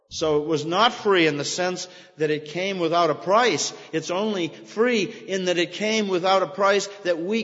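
A man's voice: on the high side, a bit bright. A man preaching an expository sermon, emphatic, repeating key phrases and lifting his voice on quoted scripture. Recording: dull sound with long hall reverb.

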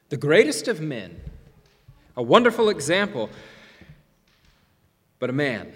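A man preaching a sermon as pastor, emphatic, with dramatic pauses and swings between loud and soft. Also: fairly high pitch, husky. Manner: emphatic, rising and falling delivery with dramatic pauses. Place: church sanctuary. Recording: long reverb of a large hall.

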